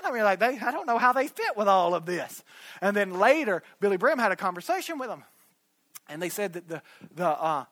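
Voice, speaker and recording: A man preaching a sermon, who climbs to shouted peaks and drops to hushed storytelling. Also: high-pitched, no room sound.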